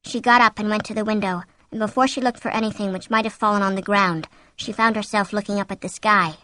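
A woman narrating a story aloud in steady scripted narration, slowing down at tense moments. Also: medium pitch, a little hiss or hum. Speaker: audiobook narrator.

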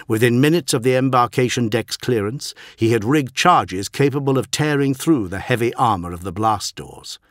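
Deep-ish guy reading an audiobook, dramatic, lively pitch, dry close sound. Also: no echo. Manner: dramatic, even-paced storytelling. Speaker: narrator. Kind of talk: scripted audiobook narration.

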